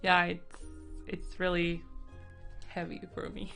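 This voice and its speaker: A woman's voice: fairly low pitch, takes it slowly, vocal fry, pushed and bright, soft background music. Teary, giggly woman streamer. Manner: emotional and giggly, laughs often. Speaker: art streamer painting live. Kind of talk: casual live-stream chat.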